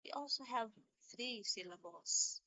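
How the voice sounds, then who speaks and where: A woman's voice: a little high, expressive, bright, forceful tone. A woman teacher giving a lesson on poetry, explaining patiently and sounding out rhythms. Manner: slow, patient explaining with sung-out rhythm examples. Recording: dull lo-fi sound.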